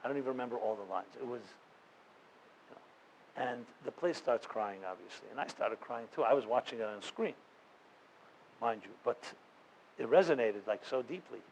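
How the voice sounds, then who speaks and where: Rabbi, male, mid-pitched voice; earnest storyteller addressing a room, chatty, many restarts, faint hiss. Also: moderate pace, long pauses, a little mellow, highs cut off. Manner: earnest, conversational, full of fillers and restarts. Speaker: rabbi and guest speaker. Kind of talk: storytelling talk to a live audience.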